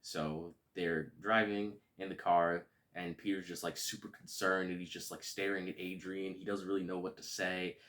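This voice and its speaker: A man casually reviewing a movie, relaxed and rambling with lots of fillers. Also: low voice, moderate pace, few pauses.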